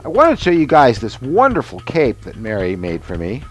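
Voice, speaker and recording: A man's voice: mid-range voice, huge pitch swings, normal speed, faint music behind. Chatty older man explaining his workshop craft. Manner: chatty, rambling explanations with many fillers and asides. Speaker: show host and special-effects mask maker. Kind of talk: casual workshop demonstration.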